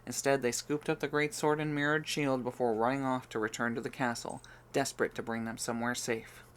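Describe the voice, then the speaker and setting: A man narrating a fantasy audiobook with even, steady storytelling. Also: medium pitch, brisk, a little hiss or hum. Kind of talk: scripted narration.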